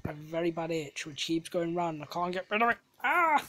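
A gamer chats loosely over their own play, drifting off into silly tangents and teasing themselves. The voice sits at an ordinary middle pitch, neither high nor low. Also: fast, fairly bright tone, slight background noise. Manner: rambling, jokey, self-deprecating asides. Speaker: gamer, channel host. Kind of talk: casual gameplay commentary.

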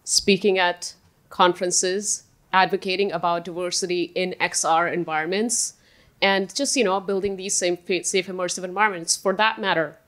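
A woman's voice: lowish voice, steady tone, moderate pace, fairly bright tone. A woman on a conference panel, laying out her points in order and making announcements. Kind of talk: panel discussion.

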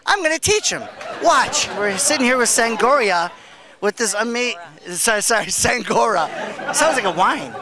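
Playful high-voiced man hosting street interviews. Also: expressive, moderate pace, a crowd in the background. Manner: playful, teasing. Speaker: comedian host. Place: outdoors at a beach boardwalk.

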